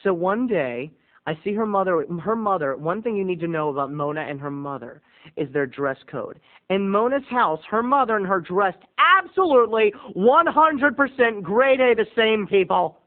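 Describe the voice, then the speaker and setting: High-voiced theatrical male storyteller. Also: normal speed. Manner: theatrical, with big swings between booming and hushed. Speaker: vlog host. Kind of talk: comic storytelling monologue. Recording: tinny phone-like audio.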